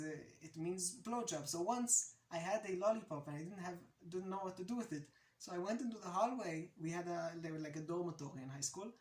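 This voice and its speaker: A man's voice: a little high, a little mellow, echoey room. A young man from Jerusalem with an Israeli accent, a native Hebrew speaker, giving a casual language lesson in a chatty, anecdotal way. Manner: chatty, anecdotal, laughs at own stories. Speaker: language teacher.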